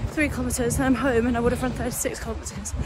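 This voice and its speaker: A young woman talks into her camera as she runs, her voice a little high and breathless with effort. She pushes herself on and swears. Street sounds come through clearly behind her. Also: flat delivery, very fast, background noise. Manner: breathless, emotional self-encouragement, frequent swearing. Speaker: fitness vlogger. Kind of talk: casual vlog while running. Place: outdoors on roads.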